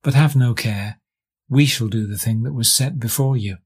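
A man voicing a wise, calm magical male black horse in a storybook reading, speaking low, steady and reassuring. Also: normal speed, breathy edge.

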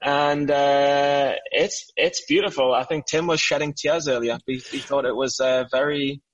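A man's voice: medium pitch, steady tone, unhurried, highs cut off. A young man hosting a podcast, chatting casually and teasing his co-host. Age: young adult. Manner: joking, teasing. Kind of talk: casual chat.

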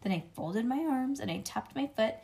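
A woman reading a children's book aloud to a child, expressive and lively. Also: fairly high pitch, normal speed, gravelly.

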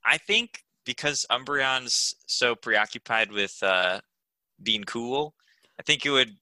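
A man's voice: mid-range voice, animated, slow pace, bright, forceful tone, dry recording, poor audio. A man playing a tabletop game, chatting casually and hesitantly, often repeating himself. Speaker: player. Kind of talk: casual chat.

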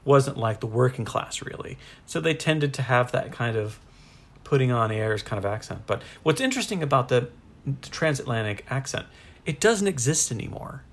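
A man's voice: medium pitch, lively intonation, normal speed. A man co-hosting a casual podcast chat, rambling through his thoughts with frequent restarts. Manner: rambling, laughs often, restarts. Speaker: podcast co-host.

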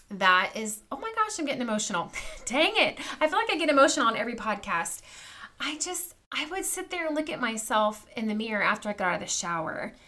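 A woman's voice: mid-range voice, bright, forceful tone. A woman in her thirties hosting a podcast, telling a personal story in a candid, confiding way and talking straight to her listeners. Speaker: podcast host.

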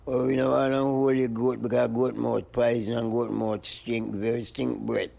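An older man, an interview guest, rambling in slow looping phrases and breaking into high-pitched animal noises. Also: flat delivery, vocal fry, warm tone. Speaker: interview guest, music producer. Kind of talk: rambling stream-of-consciousness chat.

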